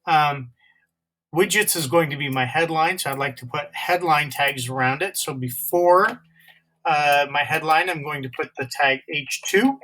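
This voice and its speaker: A man walks a class through a coding lesson over a screen recording. His voice is bright and a little high, and he talks in a halting, stop-and-start way full of fillers. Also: low-quality recording. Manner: halting, many uh fillers, step by step. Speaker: teacher.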